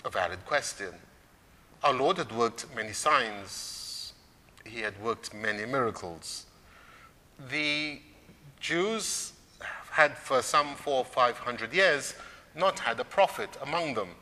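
Man, sermon, bright forceful voice, measured preaching, rising emphasis, long church reverb. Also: mid-range voice, animated. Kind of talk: sermon on scripture.

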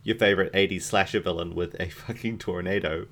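A man with a deep, fairly bright voice and fairly even intonation talks a little fast. He co-hosts a podcast, chatting casually and enthusiastically about movies, swearing freely and trailing off into fillers.

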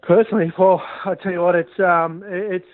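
A man's voice: high-pitched, steady tone, moderate pace, no echo. A man answering interview questions about his club, upbeat, with many fillers. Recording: tinny dry phone line.

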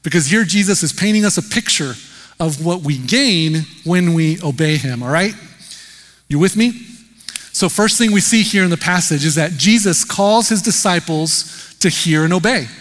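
Pastor guy preaching, chatty and emphatic, high voice, big echoey hall. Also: moderate pace, fairly bright tone. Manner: conversational, emphatic preaching with rhetorical questions. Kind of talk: sermon.

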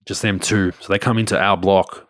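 A man's voice: sits low, fairly even intonation, brisk, a bit bright, no echo, clean studio sound. A man with an Australian accent telling a story in a loose, conversational way, often restarting his sentences and swearing casually.

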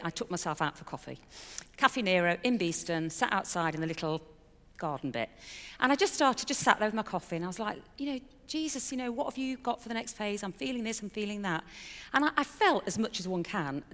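A woman's voice: medium pitch, a bit bright, big-room sound. A middle-aged woman giving a personal testimony in a candid, chatty storytelling way with fillers and a touch of self-mockery. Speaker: speaker sharing a personal testimony.

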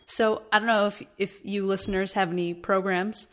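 A woman's voice: mid-range voice, steady tone, normal speed, fairly bright tone. A woman co-hosting a podcast in casual chat, chatty and giggly as she jumps between topics. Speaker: podcast co-host.

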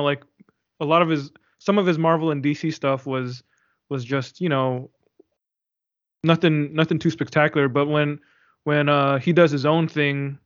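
A man's voice: on the high side, no room sound, muffled recording. Man in his forties, dry podcast chat. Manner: relaxed, thoughtful, peppered with "you know" and "man". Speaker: podcast co-host. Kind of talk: casual chat.

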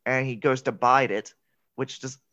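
A man's voice: mid-range voice, a little slow, no room sound. Brief: male podcast co-host, chatty film recap, dull dry lo-fi recording. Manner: chatty, laughs often, quotes lines in excited voices. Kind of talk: casual movie recap chat.

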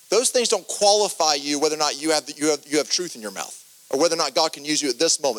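A man preaching a podcast sermon, earnest and animated, reading scripture with emphatic stress and loose restarts. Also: fairly high pitch, low-quality recording.

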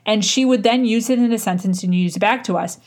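A woman talks through her advice in a loose, unscripted way, full of "like" and "um" and restarted sentences. Her voice sits in an ordinary middle register. She stretches some words slowly and rushes through others, like someone teaching informally off the cuff. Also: medium pitch, darkish tone. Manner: conversational, frequent fillers and restarts, varied tempo. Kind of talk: casual instructional talk.

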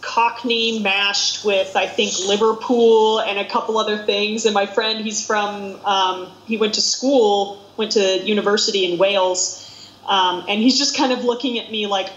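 A woman with a Midwestern American accent, co-hosting a casual podcast chat in an animated, rambling, self-deprecating way. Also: medium pitch, a little slow, a little hiss or hum. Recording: roomy, dull lo-fi sound.

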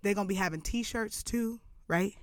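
A woman's voice: medium pitch, moderate pace, crowd noise. A woman hosting a casual podcast interview, enthusiastic and affirming, with casual slang. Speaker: podcast host.

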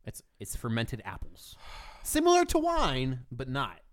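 Lively, jokey young man bantering. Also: medium pitch. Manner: jokey, quick interjections and guesses. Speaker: podcast co-host. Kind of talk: casual comedic banter.

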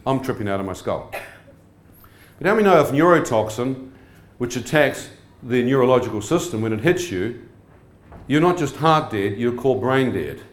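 Animated New preacher, echoey hall. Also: male voice, mid-range voice, normal speed. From New Zealand. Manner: animated, asks the crowd questions. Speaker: evangelist. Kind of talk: sermon testimony.

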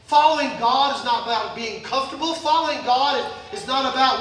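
High bright-voiced folksy pastor, echoey church. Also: male voice, a little fast, few pauses, distant mic. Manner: folksy, joking preacher acting out Bible scenes. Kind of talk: sermon. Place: church sanctuary.

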